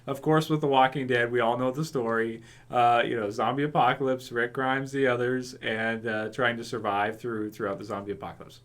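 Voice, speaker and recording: An English-raised young man talking through a casual reaction video. He rambles, restarts his sentences and breaks into laughter often. His pitch sits in the ordinary middle range for a man. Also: little pitch movement, fairly quick, few pauses, fairly bright tone. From England. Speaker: YouTube reaction host.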